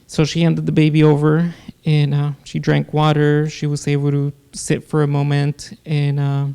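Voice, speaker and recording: A man's voice, fairly high for a man and held to a flat, even pitch. He tells a personal story earnestly in casual podcast talk, stopping and restarting his sentences. His tone is mellow and smooth, with some gravel. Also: moderate pace. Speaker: guest, producer.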